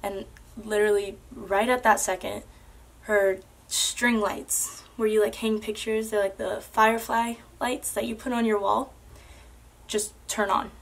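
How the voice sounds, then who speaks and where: A woman's voice: mid-range voice, fairly even intonation, measured pace, vocal fry. A young woman earnestly telling a personal story to camera, casual and full of "like" and "um". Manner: earnest, with many fillers like "like" and "um".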